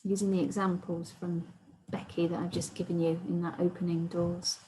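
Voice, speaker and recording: A woman presenting an online training session, explaining patiently and often softening points with "sort of" and "kind of". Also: on the low side, little pitch movement, normal speed, noisy background.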